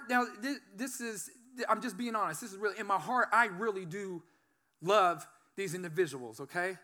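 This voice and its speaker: A man's voice: high voice, normal speed, pushed and bright. A man giving an earnest church testimony, calling out for amens as he preaches about his past. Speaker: guest speaker giving testimony. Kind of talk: testimony sermon.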